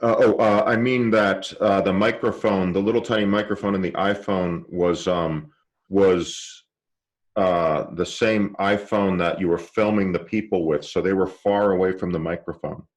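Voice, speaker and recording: Man, film teacher, online lesson, very low voice, halting demonstrations, directional mic. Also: fairly even intonation. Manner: explains by live demonstration, halting restarts. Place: room with a cluttered table. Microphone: directional microphone.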